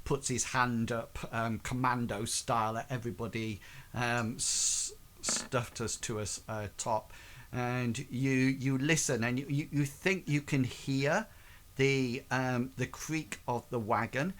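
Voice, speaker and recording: A man narrating as game master in a tabletop game, halting and restarting often. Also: mid-range voice, steady tone, a bit bright.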